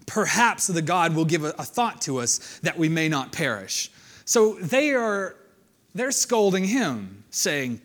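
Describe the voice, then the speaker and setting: A man preaches in an easygoing, conversational way, reading scripture aloud and then talking it through. His pitch is slightly higher than most men's. He swings his voice up and down a lot as he goes. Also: a little slow. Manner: conversational, animated, reads scripture then comments. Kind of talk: sermon.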